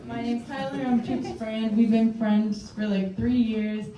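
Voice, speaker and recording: A woman's voice: on the high side, steady tone, a little slow, crowd noise. A woman friend gushing with praise in a tribute speech. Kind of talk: casual speech. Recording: dull, echoey, from far off.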